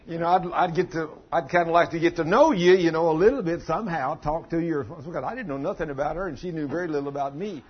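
An older man preaching a sermon, telling a folksy story in plain country grammar, with a husky voice. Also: fairly high pitch, quick pace, hardly any pauses, highs cut off. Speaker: pastor.

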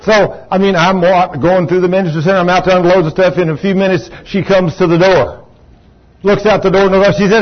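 Man in his sixties, pastor, husky voice, folksy storytelling sermon, dull lo-fi recording. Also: sits high, moderate pace.

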